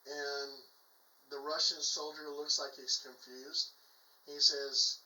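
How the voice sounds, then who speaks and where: Man, animated joke-teller, higher pitch, far from the mic. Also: takes it slowly, slight background noise. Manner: animated storyteller. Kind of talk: casual chat, telling a joke. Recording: echoey room, distant mic.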